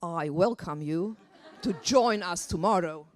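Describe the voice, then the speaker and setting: A woman's voice: fairly low pitch, unhurried. A woman chairing a conference session, introducing speakers and apologising about time.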